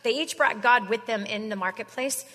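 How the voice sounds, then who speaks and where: A woman's voice: fairly high pitch, moderate pace, pushed and bright, in a large hall. A woman giving a casual, slangy sermon, telling stories in a chatty way. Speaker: Christian speaker.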